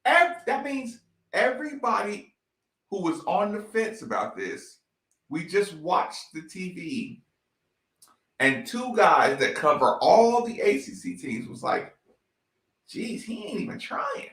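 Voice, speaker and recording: A man's voice: high-pitched, very animated, slow pace, fairly bright tone. A man giving blunt, profane fan commentary on a basketball team, ranting in slang. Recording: echoey room.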